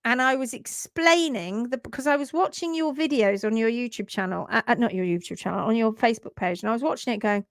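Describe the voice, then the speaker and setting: A woman hosting a live stream in casual chat, excitedly greeting viewers by name. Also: fairly high pitch, fast talker, hardly any pauses, dry recording, studio quality. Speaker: livestream host.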